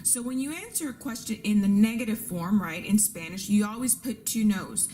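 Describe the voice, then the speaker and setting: A patient woman teaching a classroom-style lesson, walking through rules step by step and repeating each point. Her voice sits at an ordinary middle pitch. A faint hiss of noise hangs under the recording. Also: normal speed, mellow. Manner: patient, repeats rules and examples, checks in with "right?". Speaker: Spanish teacher.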